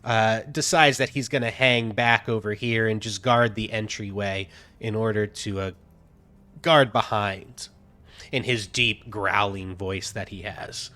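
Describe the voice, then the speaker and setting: A man running a tabletop game as game master, talking in a halting way with many fillers as he narrates scenes to his players. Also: on the low side, steady tone, pushed and bright. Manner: halting, many fillers while reading out descriptions.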